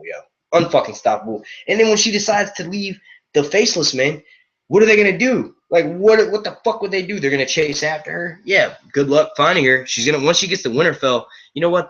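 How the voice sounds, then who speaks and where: A man streaming casual chat to his viewers, excitable and profane, full of slang and jumping between topics. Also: mid-range voice, dull audio. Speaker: YouTube reviewer streaming to viewers.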